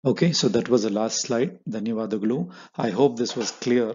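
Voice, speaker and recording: A man's voice: medium pitch, steady tone, racing, a little mellow, slight background noise. A man teaching a language from slides, explaining step by step and checking in with "right?". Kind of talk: slide-based language lesson. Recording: dull lo-fi audio.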